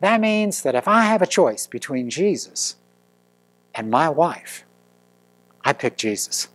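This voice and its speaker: A middle-aged man preaching a sermon as pastor, telling stories with lively acted quotes. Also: fairly high pitch, takes it slowly.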